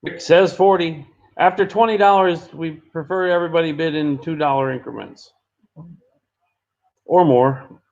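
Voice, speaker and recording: A man running a live online charity auction, calling and repeating bids briskly. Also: a little high, fairly even intonation, gravelly, darkish tone. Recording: dull lo-fi stream audio.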